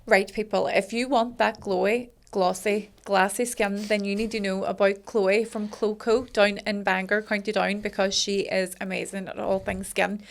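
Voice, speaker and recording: A woman with a Northern Irish accent co-hosting a podcast, reading a sponsor spot and teasing her co-host in a brisk way. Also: medium pitch, gravelly. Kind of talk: casual chat, reading an ad.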